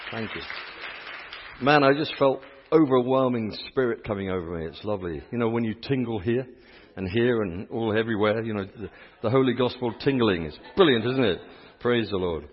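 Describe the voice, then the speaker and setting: A man's voice: on the low side, normal speed, breathy edge, some chatter behind. A man with an English accent, a priest preaching a sermon in an exuberant, chatty way and calling out to his congregation. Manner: exuberant, chatty preaching with audience call-and-response. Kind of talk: sermon at a healing service. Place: church. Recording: echoey church hall, dull sound.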